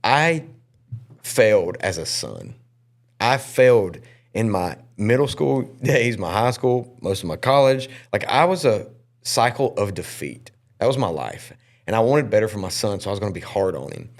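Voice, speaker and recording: A man who is a pastor and podcast host, telling a personal story in an earnest, emotional way. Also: moderate pace. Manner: earnest and emotional, with lively pitch swings.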